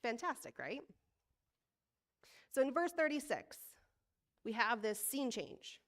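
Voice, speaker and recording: Woman service leader preaching in a relaxed, chatty way, quick to laugh at herself, measured when reading scripture. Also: a little high. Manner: conversational, self-deprecating, laughs often. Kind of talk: sermon.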